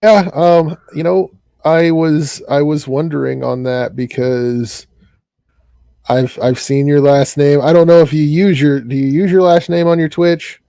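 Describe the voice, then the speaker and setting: A male host with a mellow, dark tone talks slowly in a dry, close sound. He keeps it laid-back and joking, pausing on ums as he thinks. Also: fairly high pitch, fairly even intonation, gravelly, no echo. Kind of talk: casual interview chat.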